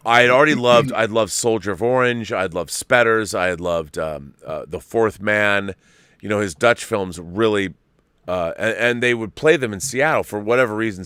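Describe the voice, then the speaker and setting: A man in his fifties hosting a casual podcast chat, telling stories in an animated, profane way. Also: lowish voice, normal speed, clean tone, dry recording, studio quality. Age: 50s. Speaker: show host.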